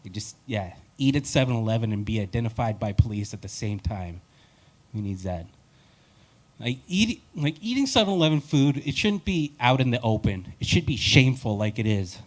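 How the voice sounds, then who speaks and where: A male comedian works through a live stand-up set in a wry, rambling way. He pokes fun at himself with a relaxed, self-deprecating delivery. His voice sits at an ordinary middle pitch. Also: moderate pace.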